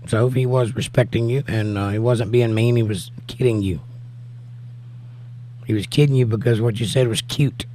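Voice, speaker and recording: Male livestream host, hoarse and nearly out of voice, relaxed and jokey, casual chat. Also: mid-range voice, normal speed, a little hiss or hum. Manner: easygoing and jokey, talking straight to viewers. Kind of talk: casual livestream chat, reading viewer comments aloud.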